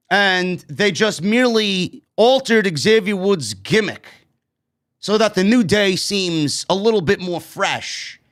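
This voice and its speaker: A man's voice: high voice, fairly bright tone. A man with a New York accent giving a blunt, profane, exasperated review of a wrestling show. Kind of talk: profane ranting commentary.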